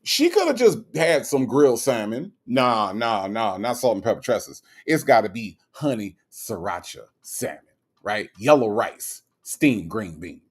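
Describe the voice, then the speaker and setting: Male livestream host, sassy and teasing, swooping up and down in pitch. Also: very animated, unhurried, slightly rough. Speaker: livestream host reading chat. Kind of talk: casual livestream chat.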